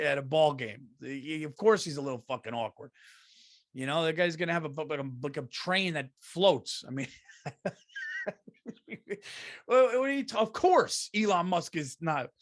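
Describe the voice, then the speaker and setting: Podcast host: middle-aged New guy, foul-mouthed ranter, raised voice, dead-dry booth sound. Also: no echo. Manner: profane, swings from loud rants to low muttering. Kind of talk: ranting comedic monologue.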